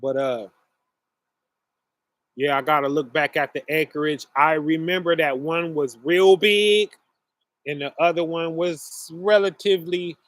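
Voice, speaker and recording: Dude rambling slow to his viewers, lots of uh and y'all, dry sound. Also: a little high, a bit bright, no room sound. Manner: slow, rambling, many fillers, addresses audience as y'all. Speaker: online show host. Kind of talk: casual monologue to viewers.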